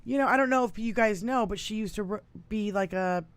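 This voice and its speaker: An American woman co-hosting a political talk show, chatting casually, swearing freely and breaking into loud laughter. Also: medium pitch, a little fast, smooth, dry recording. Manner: profane, laughs loudly, animated. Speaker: podcast co-host.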